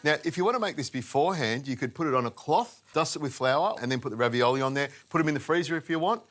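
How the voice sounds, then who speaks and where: Playful chef explaining a recipe. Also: male voice, on the high side, expressive, fast talker, fairly bright tone, faint music behind. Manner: chatty, playful, explaining step by step. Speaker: chef host. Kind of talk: cooking demonstration.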